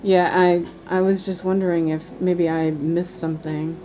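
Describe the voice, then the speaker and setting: A woman's voice: on the low side, flat delivery, normal speed, mellow, a little hiss or hum. A woman chatting casually and rambling on a live stream while she does cross-stitch. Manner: rambling, chatty, many fillers.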